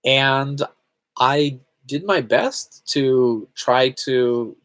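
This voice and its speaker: A man hosting a live game stream, talking loosely and thinking out loud as he answers chat. His voice sits at an ordinary middle pitch. It is close and dry, with no room sound around it. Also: very slow, no echo. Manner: chatty, self-reflective, rambling.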